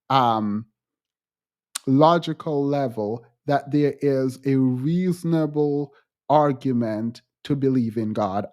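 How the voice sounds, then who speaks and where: A man hosting a livestream, talking frankly to his chat in halting restarts and growing emphatic when he quotes others. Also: mid-range voice, a little mellow. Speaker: livestream host. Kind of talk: livestream chat answering viewers.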